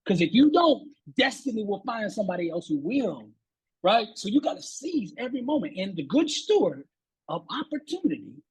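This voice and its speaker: A man's voice: sits high, normal speed, breathy edge, rough recording. A man speaking as a motivational guest, telling a sales story with rising energy, repeating words and preaching about persistence. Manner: animated, preachy, repeats words when fired up.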